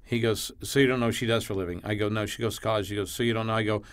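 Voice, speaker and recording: Talking very fast in a lowish voice, a male comedian on a podcast guest spot tells a story with blunt animation. He acts out both sides of the exchange and swears freely.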